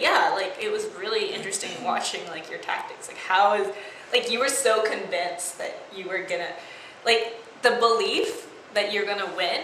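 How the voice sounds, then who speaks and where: Brief: young woman, acting student, giggly rambling chat, bright voice, echoey room. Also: medium pitch. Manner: giggly, rambling with many fillers. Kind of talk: casual chat. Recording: echoey room with faint noise.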